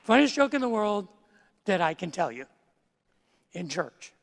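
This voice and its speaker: A male pastor delivers his sermon with playful, self-mocking jokes. His voice has a gravelly fry to it. It carries a long reverb through a large church sanctuary. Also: high-pitched, big pitch swings, unhurried, a faint crowd.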